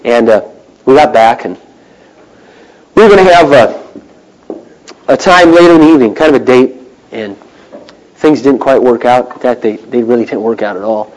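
Middle-aged male pastor, sermon delivery, animated, drops to near-whispers. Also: medium pitch, moderate pace, pauses often, rough recording. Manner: animated, swings from loud to hushed.

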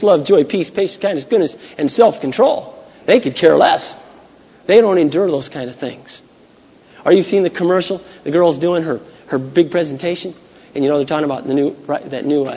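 Brief: male pastor, sermon, storytelling with forceful peaks, lo-fi 1980s church recording. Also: fairly high pitch. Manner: conversational storytelling, rising to loud emphatic peaks. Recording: dull 1980s church recording with long hall echo.

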